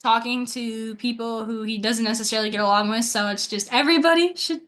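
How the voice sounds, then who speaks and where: A teenage girl with a bright, high voice chats loosely as a podcast co-host. She fills her talk with filler words and giggles and rambles through her stories. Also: a little fast. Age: teens. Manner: chatty, many filler words and frequent laughs. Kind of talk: casual storytelling.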